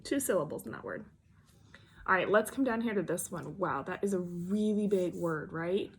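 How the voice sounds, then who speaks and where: A woman teacher giving a phonics lesson to young children, encouraging and patient, sounding out letters slowly and clearly. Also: lowish voice.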